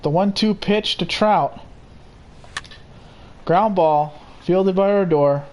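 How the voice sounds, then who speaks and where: A young man calling a baseball game play by play, steady and unhurried, with casual asides. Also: sits high. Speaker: play-by-play commentator. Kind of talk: simulated baseball commentary.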